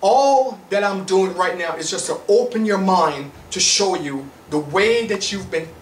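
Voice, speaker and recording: A Jamaican man delivers a forceful motivational lecture in a fairly high voice. He hammers his points with rhetorical flourishes. The sound is roomy and set back from the mic, with faint noise underneath. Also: unhurried, far from the mic. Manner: emphatic, preachy, rhetorical. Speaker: motivational speaker.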